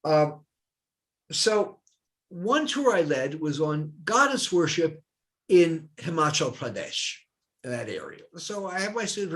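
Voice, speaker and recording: An older man, a retired professor from the United States, telling personal stories in a conversation and acting out the voices he quotes. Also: fairly high pitch. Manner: animated, acts out quoted voices. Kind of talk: storytelling in a dialogue.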